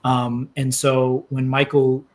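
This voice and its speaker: A man, a novelist being interviewed, speaking in a reflective, halting way that turns emotional at times. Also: mid-range voice, completely flat delivery, low-quality recording.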